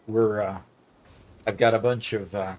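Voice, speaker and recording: A man's voice: fairly low pitch, steady tone, a little slow, darkish tone. A man chatting casually on a gameplay livestream, rambling with fillers as he plays. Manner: rambling, many fillers and restarts. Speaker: streamer.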